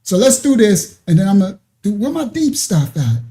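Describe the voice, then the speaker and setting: A man's voice: high-pitched, very animated, normal speed, mellow. A man hosting a ministry livestream, talking loosely while sharing his screen and then preaching in a repetitive, exhorting way. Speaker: ministry host.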